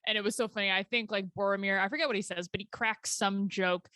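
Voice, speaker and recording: Bright-voiced woman in lively podcast chat. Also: mid-range voice, fast, dry recording. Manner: animated, laughs easily. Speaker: podcast co-host. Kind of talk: casual chat.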